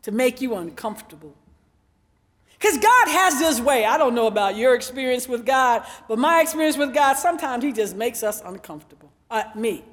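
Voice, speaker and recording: Animated woman pastor preaching in a church. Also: sits high, fairly quick, hardly any pauses, big-room sound. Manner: animated, storytelling, calls out to the congregation. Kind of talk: sermon. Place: church sanctuary.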